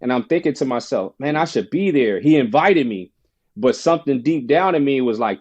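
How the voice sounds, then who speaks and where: A former basketball player, appearing as a podcast guest, tells a personal story in a casual interview and acts out the voices of the people he quotes. His medium-pitched voice is expressive, a little fast and a little mellow. The recording sounds muffled.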